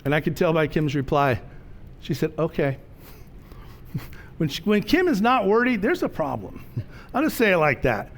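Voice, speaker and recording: Middle-aged preacher guy, chatty storytelling sermon, kinda higher voice, faint rumble behind. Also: big pitch swings. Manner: conversational, storytelling preacher with slow emphatic phrases. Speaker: pastor.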